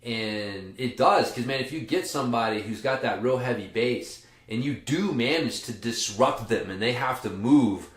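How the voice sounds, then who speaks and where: A man's voice: medium pitch, moderate pace, few pauses, echoey room. A man hosting a casual podcast, talking at length in a rambling, profane way with many restarts. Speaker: podcast host and jiu-jitsu coach. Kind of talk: casual chat.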